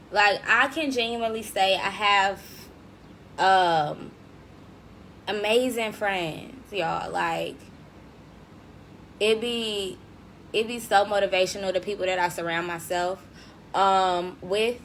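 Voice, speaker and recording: Young woman host, casual livestream chat, slangy and animated, faint background hiss. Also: mid-range voice, takes it slowly, pauses often. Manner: lively, slangy, laughs often, addresses viewers directly. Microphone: desk mic.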